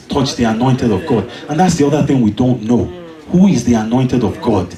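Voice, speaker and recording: A man preaching a sermon, telling a personal story with animated delivery and emphatic peaks. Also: medium pitch, brisk, echoey room, far from the mic, a crowd in the background, rough recording. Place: church.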